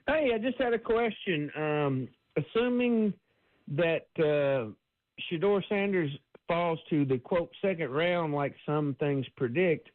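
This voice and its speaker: Man, radio caller, hesitant, slightly high voice, tinny phone line. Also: lively intonation, no echo. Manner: hesitant, halting. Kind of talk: call-in question.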